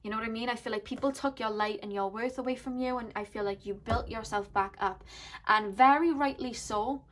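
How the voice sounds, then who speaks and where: A woman's voice: on the high side, steady tone, fast talker, a little hiss or hum. A woman giving an intuitive tarot reading to her viewers, speaking earnestly and thinking aloud as she goes. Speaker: tarot card reader.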